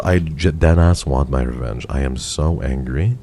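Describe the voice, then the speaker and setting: A man's voice: rumbling low, normal speed, warm tone, slight background noise. A male streamer giving live commentary on a game, talking to his chat and swearing in frustration.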